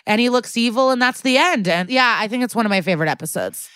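A woman co-hosting a podcast, recapping a TV episode in casual chat with a profane, animated delivery. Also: fairly high pitch, fast talker, clear, resonant tone, no room sound, studio quality. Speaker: podcast co-host.

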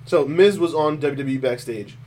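A man co-hosting a casual podcast, talking in an animated, opinionated way and laughing often. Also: fairly high pitch, normal speed. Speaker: podcast co-host. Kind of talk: casual chat.

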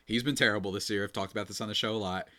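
A young man hosting a casual baseball podcast, talking in a rambling, animated way and often interrupting himself. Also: fairly low pitch, rapid-fire. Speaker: podcast host. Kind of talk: casual sports commentary.

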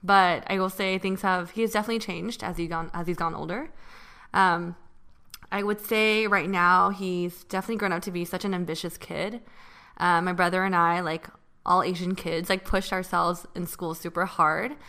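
A woman's voice: on the low side, fairly even intonation, sharp tone. A young woman from California in casual chat, talkative and full of filler words. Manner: talkative, lots of fillers, quick asides. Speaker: podcast co-host.

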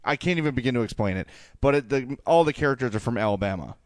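A man co-hosting a sports podcast, chatting casually and ranting with animated jokey asides. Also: medium pitch, quick pace, no room sound. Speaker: podcast co-host.

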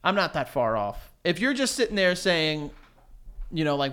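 A man's voice: a little high, sing-song, normal speed, pushed and bright. A man co-hosting a podcast in casual chat, joking and rambling with frequent laughs. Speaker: podcast co-host.

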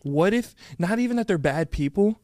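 Young dude podcast cohost, kinda high voice, rambly stories, dry mic. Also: male voice, lively intonation, moderate pace, darkish tone, no room sound. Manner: rambling storyteller, defensive. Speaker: podcast co-host. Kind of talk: casual chat.

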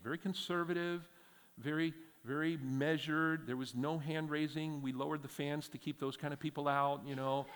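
A middle-aged man pastor preaching a sermon, telling stories with animated emphatic peaks. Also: mid-range voice, in a large hall. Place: church hall.

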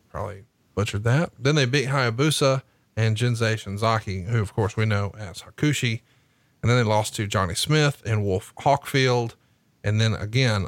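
A man's voice: fairly low pitch, no echo. A man with a Southern US accent hosting a podcast, firing off profane questions in casual chat. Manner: profane, rapid-fire questioning. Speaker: podcast host.

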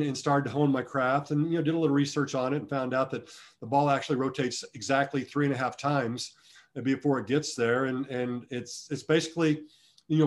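A middle-aged man speaking at an everyday middle pitch, telling long stories as an interview guest. He rambles, restarts his sentences often and pokes fun at himself. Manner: rambling, self-deprecating, frequent restarts. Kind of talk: conversational storytelling interview.

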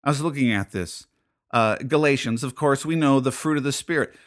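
A man's voice: medium pitch, brisk. A man hosting his own show as a pastor, talking in an emphatic, preachy monologue full of rhetorical questions. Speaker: podcast host and pastor. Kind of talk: fired-up spoken monologue.

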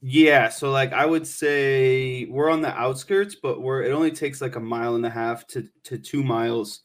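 A man co-hosting a casual sports talk podcast, relaxed and rambling, with many fillers. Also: medium pitch, normal speed. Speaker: podcast co-host.

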